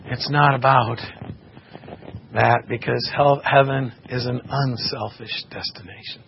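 Male preacher, mid-pitched, earnest testimony; dull lo-fi recording with faint hiss. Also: fairly even intonation, a little slow, creaky. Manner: earnest, impassioned storytelling. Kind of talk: sermon with personal testimony. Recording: muffled recording with faint background noise.

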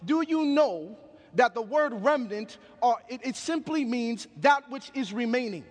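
A man's voice: very high-pitched, lively intonation, measured pace, in a large hall. A man preaching a sermon, telling stories with emphatic call-and-response.

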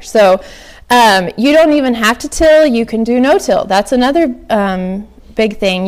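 A woman's voice: on the high side, a little mellow. A young woman from Oklahoma giving a casual workshop talk on flower farming, chatty with many ums and likes.

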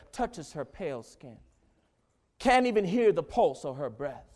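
Male preacher, high voice, fervent delivery that moves from hushed to loud. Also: very animated, a little slow. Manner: dramatic swings from hushed to loud, preaching with fervor. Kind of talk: sermon.

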